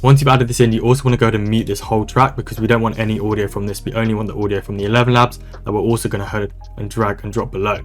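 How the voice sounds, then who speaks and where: Fast-talking man giving a tutorial. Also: lowish voice, level tone, soft background music. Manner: brisk, casual, upbeat instructional talk. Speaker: online business coach. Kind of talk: screen-recorded software tutorial. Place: voice-over on a screen recording.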